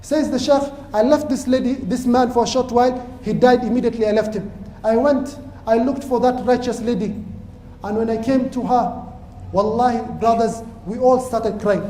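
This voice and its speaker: A man with a very high voice preaches a cautionary story in an impassioned sermon. His tone is mellow and he builds to emphatic peaks. The recording carries roomy echo with faint background hiss. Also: steady tone, moderate pace.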